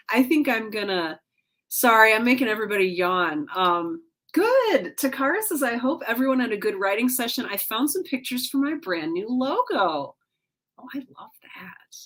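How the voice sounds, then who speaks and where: A drowsy woman chats casually on her livestream at home, reading viewer comments aloud. She yawns often, yet stays warm and encouraging, in a voice of middling pitch for a woman. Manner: yawning, drowsy, upbeat and encouraging. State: tired. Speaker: livestream host.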